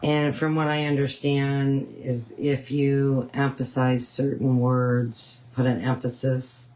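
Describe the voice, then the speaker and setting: A woman's voice: extremely low pitch, little pitch movement, slow, a little mellow, slight background noise, poor audio. A woman hosting a painting tutorial, chatting casually and rambling with frequent ums. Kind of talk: casual chat while painting.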